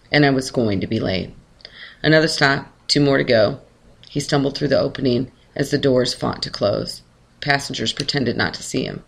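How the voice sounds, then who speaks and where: A man calmly reading a first-person short story aloud in a measured way. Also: medium pitch, vocal fry. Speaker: narrator.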